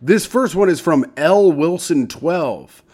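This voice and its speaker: A man's voice: fairly high pitch, animated, a little mellow. A young man co-hosting a podcast, joking loosely and swearing in casual banter. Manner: jokey, loose, swearing, quick laughs. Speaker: podcast co-host.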